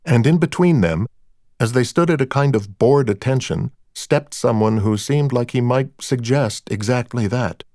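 A man reads a first-person crime novel aloud in a dry, wry storytelling manner. His pitch sits in the middle range. The recording is close and dry with no room sound. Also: expressive, normal speed, a little mellow, no echo. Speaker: narrator. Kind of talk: audiobook narration of a crime novel.

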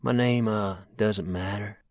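A man's voice: fairly low pitch, fairly even intonation, unhurried, dry recording, clean studio sound. Man doing a stammering young caller. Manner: hesitant, stammering with ums and uhs. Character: nervous young male caller, hesitant and threatening. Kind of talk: audiobook character voice.

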